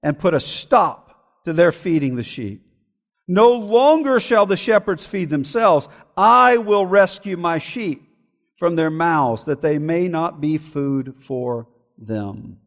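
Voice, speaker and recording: A pastor preaching a sermon with an emphatic, repetitive cadence, reading scripture aloud and expounding on it. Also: male voice, fairly high pitch, lively intonation, slow pace. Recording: long hall reverb.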